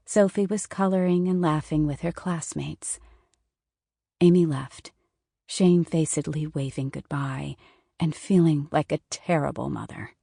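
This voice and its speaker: A woman's voice: lowish voice, gravelly, mellow, husky, no room sound, studio quality. A woman narrating a self-help audiobook in a wry, conversational reading. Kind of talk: scripted narration.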